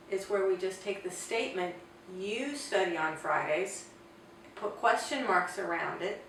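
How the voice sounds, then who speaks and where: A woman explaining grammar in an online language lesson, slowing down carefully to model example sentences. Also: medium pitch, a bit bright. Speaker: Spanish teacher. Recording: echoey room, distant mic, faint noise.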